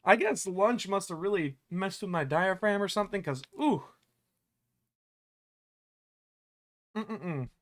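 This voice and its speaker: A man developing a game, thinking aloud in a halting way, correcting himself as he works and muttering to himself. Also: sits high. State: hiccuping. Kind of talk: thinking aloud while working.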